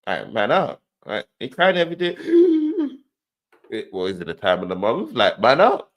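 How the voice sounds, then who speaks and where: A man hosts a reaction show with a medium-pitched voice that swoops wildly in pitch, at normal speed. His animated commentary is playful, and he tends to repeat phrases and act out scenes.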